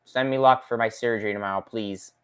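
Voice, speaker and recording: A man hosts a casual live stream, talking straight to his viewers. He reads their comments out loud and laughs often. He speaks into a desk microphone with his injured hand in a splint. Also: fairly low pitch, fairly even intonation, fairly quick, clear, resonant tone. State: recovering from a finger injury, in a splint. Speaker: woodworking channel host.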